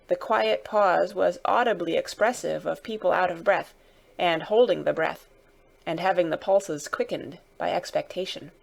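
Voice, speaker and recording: A woman with a lowish, creaky voice narrates a classic novel dramatically, raising her voice whenever the characters shout.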